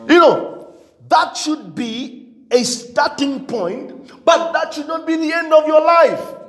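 A man's voice: very high-pitched, takes it slowly. A male pastor preaching a sermon with emphasis, repetition and frequent amens, in a church. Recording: long church hall reverb.

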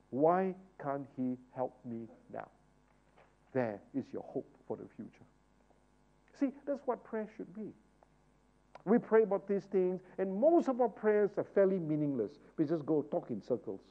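A man preaches at a Bible study, asking rhetorical questions. His voice sits high and moves a lot, from quiet asides up to fervent calls. The recording is muffled and lo-fi. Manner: swings from hushed asides to loud, fervent exhortation. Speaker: pastor leading Bible study. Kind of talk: sermon-style Bible teaching.

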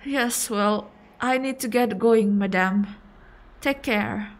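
Woman playing a young man collecting debts, apologetic, somber, slow and hesitant, game dialogue. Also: on the high side. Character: apologetic young male debt collector, dutiful.

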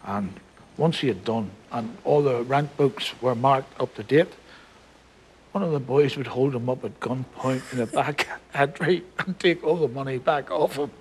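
An actor playing an older Northern Irish grandfather, gentle and wry, telling stories to his grandson. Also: mid-range voice, normal speed, a little hiss or hum, lightly acted, low-quality recording. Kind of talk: film drama.

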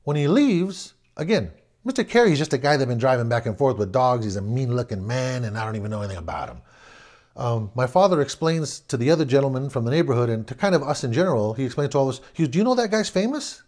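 A man's voice: medium pitch, animated, fast, a little mellow. A middle-aged man from Southern California telling a childhood story in a casual, rambling way, correcting himself and chuckling as he goes. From Southern California, USA. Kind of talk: casual spoken anecdote.

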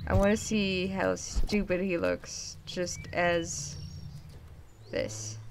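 A young woman giving casual game commentary, excitable, swearing, laughing and yelping at scares. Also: fairly low pitch, slow, noisy background. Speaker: gaming YouTuber.

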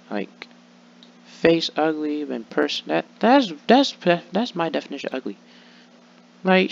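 A man's voice: fairly high pitch, gravelly, dull audio, slight background noise. A young man rambling sulkily in a vlog, full of restarts and fillers. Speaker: vlogger. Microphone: laptop mic.

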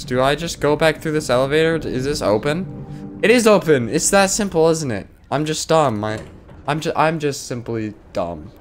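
A man doing let's play commentary in a sarcastic, jokey way, scolding the game character and swearing in sudden outbursts. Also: mid-range voice. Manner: swears and exclaims in bursts. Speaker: gaming video creator.

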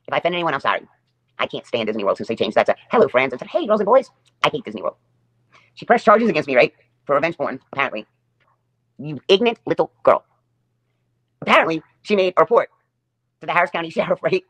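A woman's voice: deep voice, big pitch swings, fast talker, long pauses, a bit bright. A woman hosting her own livestream, delivering a sarcastic, taunting rant and repeating her jabs over and over. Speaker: livestream host.

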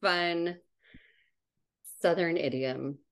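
A woman co-hosting a podcast in casual chat, playful and quick to laugh. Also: fairly low pitch. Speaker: podcast co-host.

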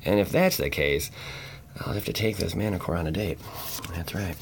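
A young man giving casual, jokey commentary as he opens card packs, breaking into sudden loud exclamations. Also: low voice, normal speed, very noisy. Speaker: channel host opening card packs. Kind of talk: casual pack-opening commentary.

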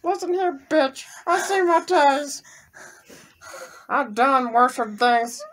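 A woman voicing a jaded, menacing teddy bear with a slow, drawn-out delivery. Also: sits high, expressive, fairly bright tone, pitched above the performer's own voice, full character voice.

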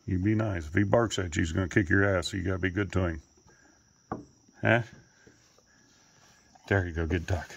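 A man filming his pets and talking to them casually, coaxing and scolding, and jumping into high baby talk. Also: steady tone, normal speed, creaky, pauses often, muffled recording, a little hiss or hum. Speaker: pet owner filming his animals.

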